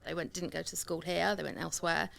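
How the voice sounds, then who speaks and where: A woman in casual podcast chat, animated and opinionated, talking about her kids and schools. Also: lowish voice, fast, vocal fry.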